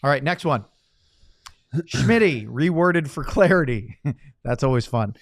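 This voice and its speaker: A man's voice: medium pitch, lively intonation, takes it slowly, no room sound, clean studio sound. A man hosting a casual podcast chat, running the show and reading listener questions aloud. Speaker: podcast host.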